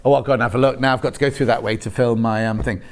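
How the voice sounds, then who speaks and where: Talking very fast in a steady, mid-range voice, a live shopping channel presenter rattles off fabric prices. His sales patter is chatty and jokey, and he trades banter with crew members off camera.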